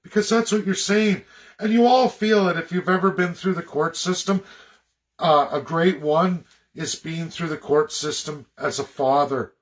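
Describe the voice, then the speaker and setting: Impassioned man lecturing his viewers. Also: measured pace. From Canada. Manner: preachy, lecturing, swings between loud outbursts and low mutters. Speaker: political commentator. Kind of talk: impassioned monologue.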